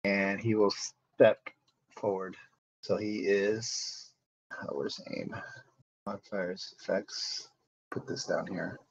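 An easygoing man playing a tabletop game, thinking out loud as he takes his turn. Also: lowish voice, steady tone, takes it slowly, vocal fry, pauses often, low-quality recording. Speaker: player. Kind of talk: casual tabletop game chat.

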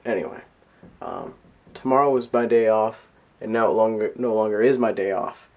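A man ranting to camera in a comedic vlog, exasperated and profane, swinging between loud outbursts and low mutters. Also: normal speed. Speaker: vlogger.

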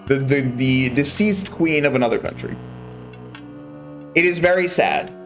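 A man's voice: mid-range voice, unhurried, fairly bright tone. Young man, streamer, casual gameplay commentary, wry, exasperated, faint background music.

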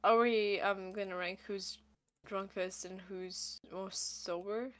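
A woman's voice: mid-range voice, steady tone, slow pace. A woman who has had a few drinks talks in a casual group call. Her words slur and she keeps restarting. Her voice sits in a middle range, and she giggles between her phrases. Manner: hesitant, stumbling restarts, giggly. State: tipsy, slurring words. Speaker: stream guest.

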